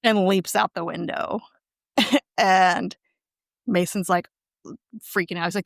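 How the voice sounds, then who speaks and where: A woman's voice: mid-range voice, slow, creaky, long pauses, no echo, studio quality. Woman casually recapping a TV episode. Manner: animated retelling with quoted lines. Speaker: podcast co-host recapping an episode.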